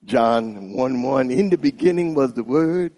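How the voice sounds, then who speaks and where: A man preaching a sermon in an animated style, calling on the congregation to repeat after him. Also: mid-range voice, a little slow. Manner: animated, call-and-response with congregation.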